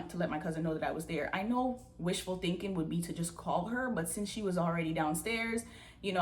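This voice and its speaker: A young woman vlogger telling a personal story in a casual, animated way, acting out what people said. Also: fairly low pitch. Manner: animated storytelling with acted-out quotes, says "y'all". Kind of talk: storytime vlog.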